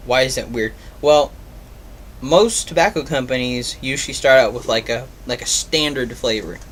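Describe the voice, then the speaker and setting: A man at a middle pitch gives a loose, casual review. He rambles and fills pauses with ums and uhs, and a faint hiss sits under his voice. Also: a bit bright. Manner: rambling, filler-heavy, offhand. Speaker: product reviewer.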